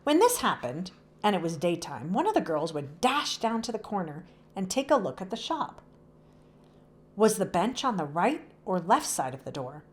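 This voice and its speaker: A young adult woman reading a children's chapter book aloud with expressive storytelling. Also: fairly low pitch, normal speed. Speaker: read-aloud host.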